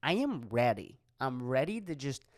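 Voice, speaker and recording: This is a young Erie, Pennsylvania comedian hosting his own podcast alone, talking loosely and profanely with plenty of filler words. He sounds very animated at a normal speed, with a medium-pitched voice. The sound is clean studio audio with no room noise.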